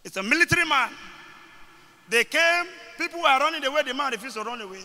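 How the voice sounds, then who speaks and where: A man with a Nigerian English accent, a bishop leading a Bible study who preaches and breaks into shouted declarations. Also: very high voice, animated, fast talker. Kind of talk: sermon. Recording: echoey hall.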